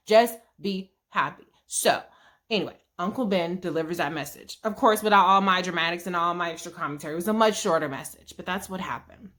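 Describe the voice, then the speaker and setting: A woman's voice: mid-range voice, a bit bright. A woman hosting a casual TV episode recap vlog, chatty and profane, who acts out characters' lines as she retells them.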